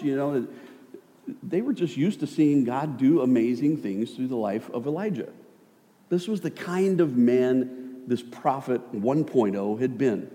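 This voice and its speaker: A man's voice: mid-range voice, dark tone. A man preaching a sermon in a loose, conversational way, with jokes and acted-out asides as he reads and explains scripture. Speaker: pastor. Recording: long hall reverb.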